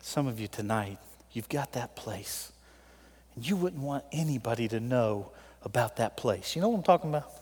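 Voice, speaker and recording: A man preaching a sermon in a church, telling a story and pleading with the congregation, swinging between loud appeals and soft, quiet moments. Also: mid-range voice, animated, moderate pace, husky. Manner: tells a story with voiced characters. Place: church sanctuary. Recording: long reverb of a large hall.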